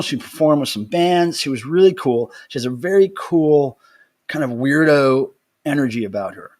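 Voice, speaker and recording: A chatty man hosts a casual livestream from his home, greeting viewers by name as he goes. His talk rambles, full of asides and easy enthusiasm, and his voice sits at an ordinary middle pitch. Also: darkish tone. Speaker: livestream host.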